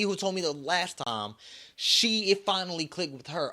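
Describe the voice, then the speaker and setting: A man's voice: high voice, measured pace. Profane ranting young man podcaster. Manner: profane, animated ranting with mocking quoted voices. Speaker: podcast host. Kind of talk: solo podcast rant.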